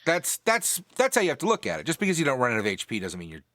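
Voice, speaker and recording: A man with a bright, forceful voice that swings widely in pitch, chatting about a game in a casual, rambling way. He restarts his sentences often and keeps a wry tone. The sound is dry and close to the mic. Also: huge pitch swings, rapid-fire, no echo. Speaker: podcast co-host.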